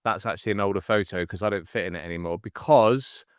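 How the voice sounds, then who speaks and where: A man in his forties hosting a casual podcast chat, telling stories in an animated way and acting out the people in them. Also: sits low, fast talker, clear, resonant tone, dry recording, clean studio sound. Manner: animated storyteller, acts out the voices in his stories. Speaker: podcast host and coach.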